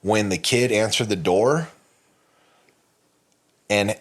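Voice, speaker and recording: A man's voice: fairly low pitch, slow pace. A man co-hosting a podcast, telling a candid personal story in a rambling way, with many fillers and restarts and frequent swearing. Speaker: podcast co-host.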